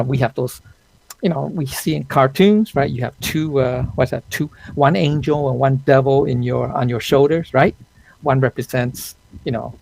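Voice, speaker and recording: A man's voice: mid-range voice, gravelly, darkish tone, slightly rough, poor audio. A man teaching an online Dao study class in a conversational lecture, often checking in with his listeners. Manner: conversational, checks in with "okay?" and "right?"; frequent restarts and fillers.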